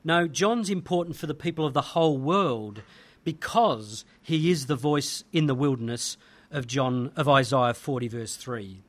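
A man's voice: mid-range voice, moderate pace. An Australian man preaching a sermon, emphatic, with building rhetorical repetition.

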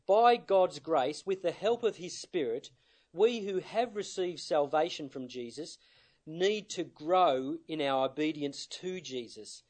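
A man preaching a sermon in an earnest, measured way, his voice sitting a little above the usual male range. He drives his points home by repeating key words and pauses now and then to restart a phrase. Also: a little high. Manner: earnest, measured, with emphatic repetition.

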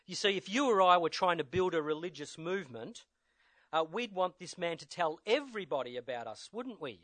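A man preaching a sermon, earnest and measured, stressing his points through repetition and sometimes restarting with fillers. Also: sits high, animated, fairly bright tone.

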